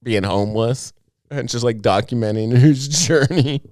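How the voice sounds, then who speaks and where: A man's voice: mid-range voice, unhurried, darkish tone, no room sound, clean studio sound. A man hosting a casual chat as a comedian, rambling and laid-back, with lots of fillers and swearing. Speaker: comedian podcast host.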